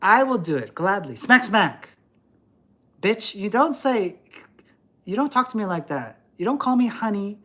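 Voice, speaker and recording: A man's voice: high voice, sing-song, normal speed, sharp tone. A middle-aged man ranting profanely and lecturing on a livestream. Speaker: livestream host. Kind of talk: livestream rant.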